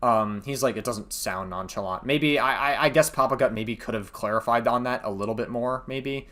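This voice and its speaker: A man hosts a reaction commentary and rants with heat and frequent swearing. His voice sits at an everyday middle pitch. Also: normal speed, a bit bright. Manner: heated, profane ranting. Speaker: commentary host.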